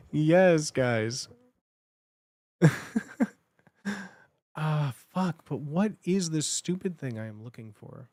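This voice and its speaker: A man's voice: on the high side, lively intonation, drawn-out words, long pauses, a little mellow, no room sound, clean studio sound. A man hosting a live stream, chatting casually and muttering to himself as he fiddles with his setup, laughing often.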